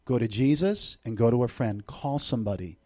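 A middle-aged man delivers a sermon to a church congregation in an ordinary, mid-pitched voice. He is animated, jumping from loud, high bursts down to quiet, close passages. He keeps it conversational, with joking asides to the room. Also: a little fast. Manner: animated, swings between loud bursts and hushed intimate passages. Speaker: visiting preacher.

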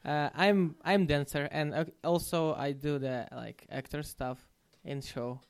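A man from Ukraine, a dancer and actor in the show, introducing himself in hesitant, halting English. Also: fairly high pitch, fairly even intonation, smooth. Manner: hesitant, halting non-native speech.

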